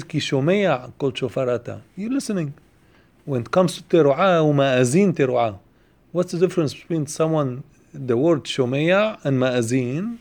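A man teaching a Torah lesson, asking questions and answering them step by step, repeating phrases and quoting Hebrew passages quickly. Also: a little high, darkish tone.

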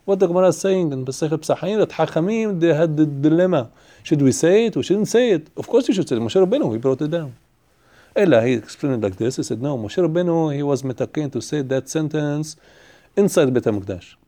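A man gives a Torah class at a brisk clip. His voice sits a little high and sounds dark and mellow. He rattles off Hebrew sources in a quick chant, then slows down to explain them in English, stumbling over fillers and restarts. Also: animated. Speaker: Torah teacher.

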